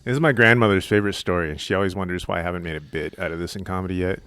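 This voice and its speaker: A man from Colorado, a guest comedian, telling an animated, self-mocking story on a podcast. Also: low-pitched, racing, clean tone. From Colorado, USA.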